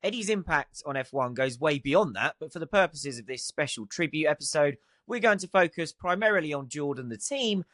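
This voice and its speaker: A man hosting a podcast, talking in a lively chatty way and laughing often. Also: a little high, dry recording, clean studio sound. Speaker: podcast host. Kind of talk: casual chat.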